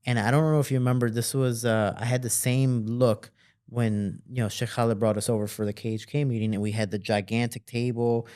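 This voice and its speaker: A young man, a fighter and podcast guest, telling a story in a casual, animated way and acting out the voices in his quotes. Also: mid-range voice, fairly quick, smooth.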